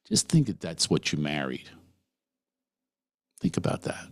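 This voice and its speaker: A man's voice: rumbling low, wildly swooping pitch, a little slow, dry recording. A middle-aged man hosting a podcast, talking earnestly through a personal monologue and putting questions straight to the listener. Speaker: podcast host.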